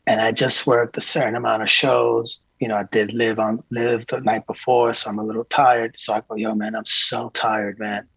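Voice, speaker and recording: A man being interviewed as a guest, a tour manager telling calm, earnest stories with frequent restarts. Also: medium pitch, brisk, creaky, few pauses, husky, no echo, poor audio. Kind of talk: casual interview chat.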